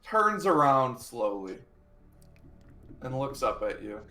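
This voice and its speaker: A man running a tabletop role-playing game as game master, narrating in a relaxed, playful way. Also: mid-range voice, slow pace, reverberant, faint music behind.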